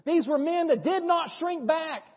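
A male pastor with a very high voice delivers a storytelling sermon at a measured pace in a church sanctuary. His manner is lively and conversational, with rhetorical questions, and the dull lo-fi recording carries a long hall echo.

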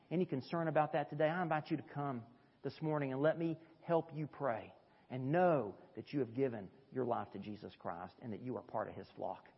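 A male pastor delivers a sermon, his slightly high voice sinking to quiet, low passages and then rising to emphatic peaks. He preaches in a church sanctuary, and the long reverb of the hall trails behind his words. The recording sounds somewhat dull and muffled. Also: husky. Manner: wide swings between soft low passages and raised emphatic peaks.

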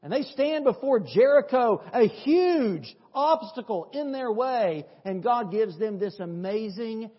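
A male pastor preaching a sermon, telling stories in a lively, conversational way with rhetorical questions. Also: high voice, unhurried, few pauses, slightly rough. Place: church sanctuary. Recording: dull audio with long church reverb.

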